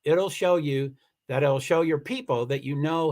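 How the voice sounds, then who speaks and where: Man, livestream host, a touch higher-pitched, halting casual delivery, insistent streak. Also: very animated, fairly bright tone. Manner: halting, many restarts, firm and insistent when annoyed. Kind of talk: casual livestream chat reading comments.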